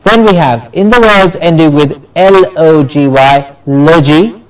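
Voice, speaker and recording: A man teaching English word stress, slowly repeating each example word for the class to say along. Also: on the high side, smooth, recorded from a distance, rough recording. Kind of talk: classroom lesson with drills.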